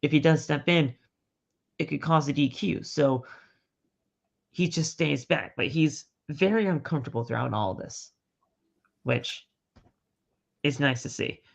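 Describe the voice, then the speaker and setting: A man co-hosting a podcast, retelling a wrestling match in an animated play-by-play way. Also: a little high, unhurried, vocal fry, long pauses. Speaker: podcast co-host. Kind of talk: casual wrestling recap. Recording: dull lo-fi podcast audio.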